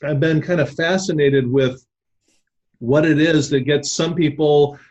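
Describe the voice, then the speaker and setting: A man from Southern California, a guest author on a radio interview, talking in a relaxed way with frequent restarts. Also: on the high side, a little slow, dull audio.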